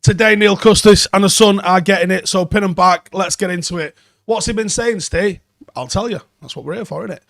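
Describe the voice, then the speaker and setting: A man's voice: sits high, fast talker, gravelly, few pauses, fairly bright tone, no room sound, studio quality. A young man hosting a football reaction channel, ranting sarcastically and swearing in exasperation.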